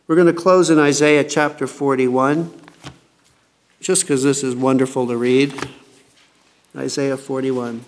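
A man giving an informal Bible teaching, chatting with his listeners and reading scripture slowly and with emphasis. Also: on the high side, expressive.

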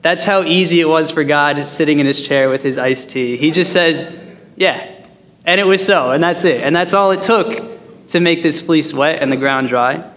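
Man Bible teacher, casual and joking, higher-pitched voice in a reverberant hall. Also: moderate pace, fairly bright tone. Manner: chatty and joking, with fillers.

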